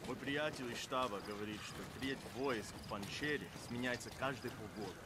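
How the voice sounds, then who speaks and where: A man's voice: mid-range voice, a little fast, close to an everyday voice. An actor playing a male enemy soldier chatting casually with a comrade in a game. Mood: grumbling. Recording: distant, noisy game audio. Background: loud ambient noise.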